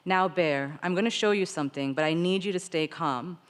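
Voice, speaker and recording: A woman author voicing a calm, wry older male bookseller in her reading. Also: on the low side, fairly quick, natural voice. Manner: calm and dry. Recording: long reverb of a large hall.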